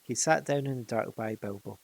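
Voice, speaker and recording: A man reads a fantasy storybook aloud in an everyday mid-range voice with plenty of gravelly fry. The reading is unpolished, with small slips and restarts along the way. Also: medium pitch, normal speed, rough recording. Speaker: narrator.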